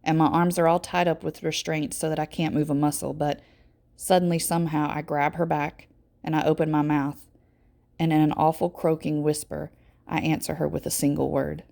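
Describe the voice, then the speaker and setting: A teacher reading a first-person novel aloud to her class in steady, measured narration. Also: deep voice, vocal fry.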